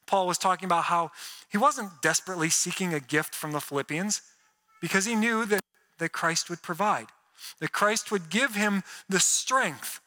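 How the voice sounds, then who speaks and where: A man's voice: sits high, pushed and bright. A man preaching a sermon, earnest with sarcastic asides and playful mock voices. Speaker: pastor. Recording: reverberant hall.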